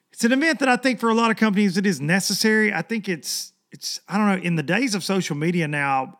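A man hosting a fishing podcast in casual chat, hoarse from losing his voice, rambling and repeating words for emphasis. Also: on the high side, fairly bright tone.

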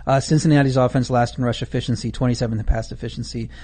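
A man's voice: medium pitch, fairly even intonation, very fast, a little mellow, slightly rough. A man co-hosting a podcast, giving casual football betting analysis packed with stats. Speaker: podcast co-host.

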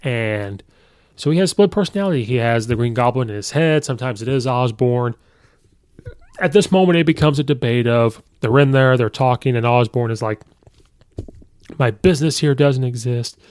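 A man hosting a podcast, recapping a film in a casual, rambling way with many fillers and quick quoted asides. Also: mid-range voice, darkish tone, clean tone, no echo, studio quality. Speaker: podcast host reviewing a film. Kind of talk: casual movie review.

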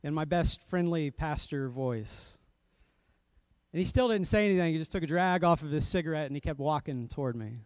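Pastor guy telling a funny story at a sermon, laughs at himself a lot, bit high voice, dry sound. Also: brisk, no echo. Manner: self-deprecating, laughs often, animated storytelling.

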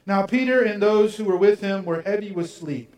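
A man preaching a sermon, first reading scripture and then telling stories in a measured way. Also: high-pitched, a little mellow, distant mic. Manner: measured reading that shifts into storytelling. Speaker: pastor. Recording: roomy sound, from away from the mic.

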